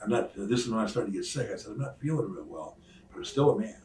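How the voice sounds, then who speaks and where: A man's voice: fairly low pitch, fast, a little hiss or hum. An older man, a retired wrestler, telling stories casually in an interview and acting out what others said. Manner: animated storyteller who acts out other people's lines. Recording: roomy sound from a distant mic.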